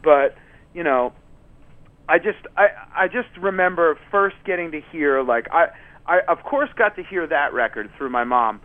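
A touring musician guest telling rambling stories in a casual interview, full of fillers and restarts. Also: male voice, a little high, animated, moderate pace, no room sound. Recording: tinny phone-line audio.

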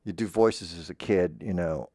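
A man's voice: low voice, moderate pace, dark tone, no echo, studio quality. A man in a mock-earnest improvised comedy monologue, playing a voice-acting teacher who rambles and keeps interrupting himself.

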